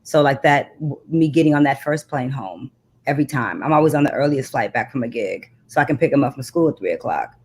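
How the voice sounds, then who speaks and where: A woman's voice: rumbling low, animated, a little fast, darkish tone, husky. A woman poet who recites spoken-word poetry with repeated refrains, then talks earnestly and reflectively as an interview guest. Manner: earnest, reflective conversational talk.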